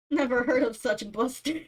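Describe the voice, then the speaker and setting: A woman's voice: sits high, unhurried. A young woman streamer chatting casually, rambling through stories and giggling often. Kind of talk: casual chat.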